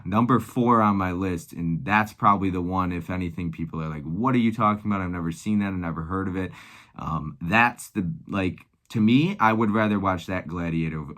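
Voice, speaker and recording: A man's voice: deep voice, fairly bright tone. A man in his thirties, chatting casually and enthusiastically about favorite movies, rambling with fillers. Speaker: movie collector vlogger. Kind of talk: casual chat.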